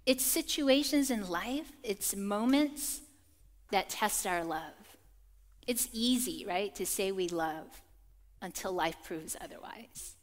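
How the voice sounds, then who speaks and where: A young adult woman preaching a sermon, telling personal stories in an animated way and acting out quotes. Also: medium pitch, a little slow. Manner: animated storytelling, acts out quotes. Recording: long reverb of a church hall.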